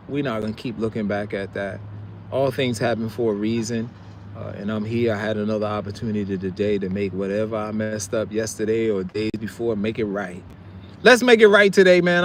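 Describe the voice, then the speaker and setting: A middle-aged man hosting a casual live stream outdoors, chatting and reading viewer comments, laughing often and trailing off into low mumbles. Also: a little hiss or hum.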